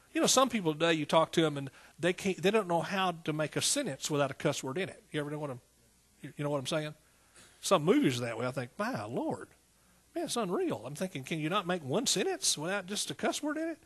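A man's voice: on the high side, a bit bright, breathy edge. A middle-aged man with an East Texas accent preaching a sermon in a folksy, call-and-response manner. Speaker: pastor.

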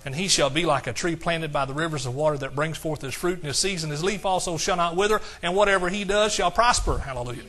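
A man delivers an exuberant church sermon. His voice sits slightly high and sounds bright and forceful. He bursts into shouts of praise and slows to a deliberate, emphatic pace when reading scripture. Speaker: pastor.

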